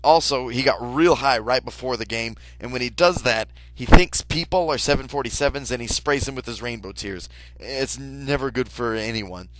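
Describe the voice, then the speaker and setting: A young man telling an absurd comic story in a casual, deadpan way, peppered with swearing and "like". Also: mid-range voice, brisk, few pauses, low-quality recording. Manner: casual, deadpan, profane, lots of "like".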